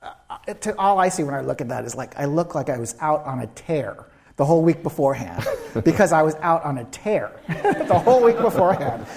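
A man's voice: a little high, brisk, gravelly. A man, a screenwriter, telling stories in a live onstage interview, acting out quotes and laughing often. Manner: animated storyteller who acts out quotes with laughter. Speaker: screenwriter guest.

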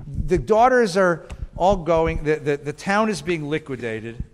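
A man giving an animated lecture to a class, with frequent restarts as he works through his ideas. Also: on the high side. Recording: reverberant hall.

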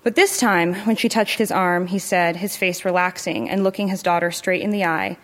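A woman narrating a literary short story in a measured, even storytelling manner. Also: on the low side. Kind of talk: literary fiction reading.

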